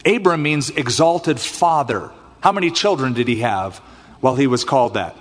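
A man preaching a sermon as pastor, expressive and acting out scripture voices. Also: medium pitch, normal speed. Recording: long hall reverb.

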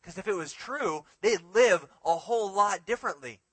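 A male preacher delivers a sermon with a bright, forceful tone and a slightly higher pitch. He swings between punchy emphasis and quiet, hushed lines. The sound is close and dry. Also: animated, moderate pace, breathy edge, no echo.

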